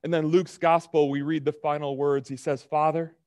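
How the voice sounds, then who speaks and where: A male preacher delivers a sermon in a loose, conversational way, often stumbling over repeated words and asking the congregation if they follow. His voice sits a little high for a man. The sound is close and dry, with no room around it. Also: level tone, moderate pace, darkish tone, no echo. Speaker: pastor.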